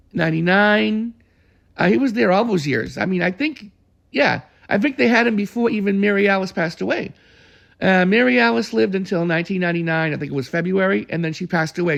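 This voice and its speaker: Gravelly man reminiscing casually. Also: sits high, fairly bright tone. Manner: rambling, with restarts and chuckles. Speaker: storyteller.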